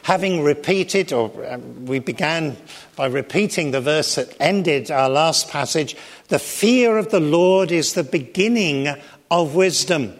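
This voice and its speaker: Middle-aged male preacher, measured and slow, expressive sermon delivery with a lightly raised pitch. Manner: expressive, varies pitch and volume for emphasis.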